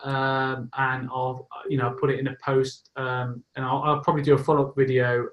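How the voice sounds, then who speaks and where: A man's voice: mid-range voice, level tone, normal speed, dull audio. A man hosting a casual interview, talking enthusiastically and rambling with many restarts. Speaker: host. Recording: roomy echo.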